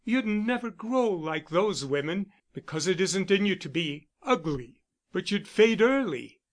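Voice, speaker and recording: A man's voice: high voice, very animated, unhurried, pitched above the performer's own voice. A man reading the part of a persuasive, insistent suitor who speaks with urgent, coaxing force.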